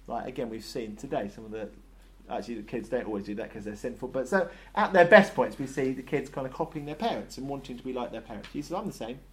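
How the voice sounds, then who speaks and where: A man's voice: mid-range voice, quick pace, hardly any pauses, a bit bright. A man preaching a sermon in a conversational way, often acting out short dialogues between characters.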